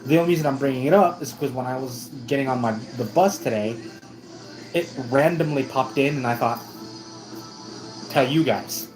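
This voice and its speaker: Man in a storytime vlog, middle pitch, rambling and self-correcting, with faint music underneath. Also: brisk, rough recording. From United States. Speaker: vlogger.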